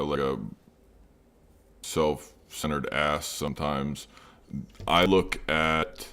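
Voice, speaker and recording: A man's voice: deep voice, fairly bright tone, clear, resonant tone. A man hosting a live trading stream, chatting casually with viewers and rambling with many fillers. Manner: rambling, talks to chat by name, many fillers. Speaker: livestream trading host. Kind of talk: casual livestream chat.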